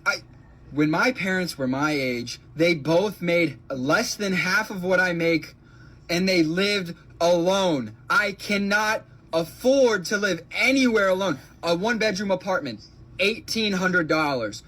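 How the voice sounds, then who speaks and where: A man's voice: high-pitched, a little slow, bright, forceful tone. A man ranting to camera in an exasperated, sarcastic way, swearing as he goes. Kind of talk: frustrated rant to camera.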